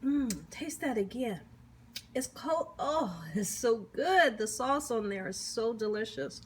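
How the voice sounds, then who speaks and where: A cooking channel host speaks straight to viewers in a casual vlog, tasting her dish on camera with lots of savoring hums and exclamations. Her fairly high voice has lively intonation and a slow pace, with slight background noise.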